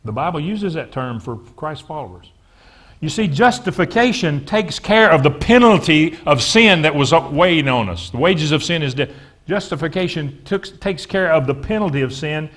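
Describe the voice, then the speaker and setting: In a church sanctuary, a pastor whose voice is slightly high and a bit bright for a man preaches straight to his congregation. He has them repeat phrases back in call-and-response and trips over repeated words as he drives his points home.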